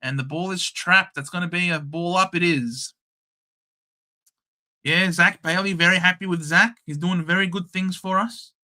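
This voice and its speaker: Excitable Australian man calling a match. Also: high voice, normal speed. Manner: chatty, excitable, blunt. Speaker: host. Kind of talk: casual live match commentary.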